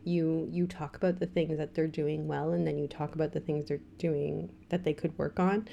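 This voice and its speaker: A woman co-hosting a casual podcast chat, speaking in a low voice with a gravelly fry. She lays out her views earnestly and at length. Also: flat delivery, normal speed, dark tone, lo-fi sound, a little hiss or hum. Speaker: podcast co-host.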